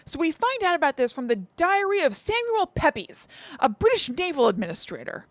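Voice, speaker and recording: A woman's voice: sits high, big pitch swings, brisk, dry recording. A woman co-hosting a podcast, chatting casually and reading an old text aloud, correcting herself and giggling. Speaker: podcast co-host.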